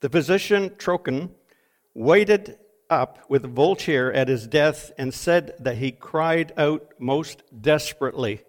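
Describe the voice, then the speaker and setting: Older preacher with a raised, emphatic delivery. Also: male voice, on the high side, takes it slowly. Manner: dramatic, reads deathbed quotes with rising emphasis. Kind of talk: sermon.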